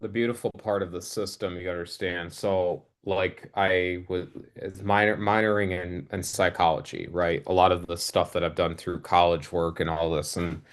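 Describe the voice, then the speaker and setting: A man with a somewhat low voice talks through a business pitch on a casual group video call from home. He stops and restarts his sentences often, feeling his way toward each point. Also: level tone. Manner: halting, restarts mid-sentence. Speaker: business presenter.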